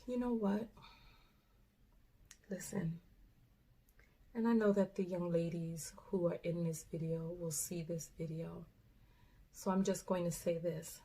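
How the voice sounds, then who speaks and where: A middle-aged woman, a life coach, reacting to a video, animated and exclamatory at times, then soft and earnest. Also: on the low side, measured pace, pauses often, husky. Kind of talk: reaction commentary.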